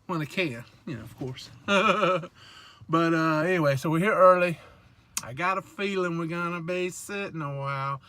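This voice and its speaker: A man's voice: on the high side, normal speed, sharp tone. A man from South Georgia with a Southern accent, chatting casually and joking around in a rambling vlog from his truck. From South Georgia / North Florida, USA. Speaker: truck driver vlogger. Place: truck cab.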